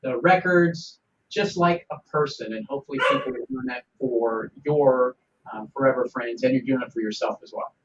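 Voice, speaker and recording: A man co-hosting a casual animal-shelter podcast, telling rambling, lively stories with many restarts. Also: mid-range voice, normal speed, a little hiss or hum. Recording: distant, dull mic with faint ambience.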